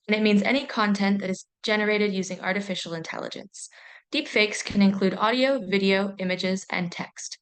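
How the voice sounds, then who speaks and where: Woman giving a measured lesson. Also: medium pitch. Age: young adult. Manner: clear, measured explanatory delivery. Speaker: university trainer. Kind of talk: scripted training presentation.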